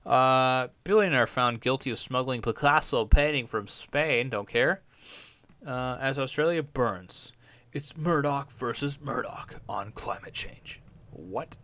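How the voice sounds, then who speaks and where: A man's voice: mid-range voice, sharp tone, slight background noise. A young man hosting a podcast, reading news stories aloud and reacting with crude, irreverent jokes. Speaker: podcast host.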